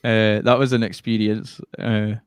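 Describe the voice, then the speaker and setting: A man's voice: fairly low pitch, level tone, a little slow, smooth, no room sound. A man hosting a casual chat, talking loosely and laughing often while asking for recommendations. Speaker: podcast host.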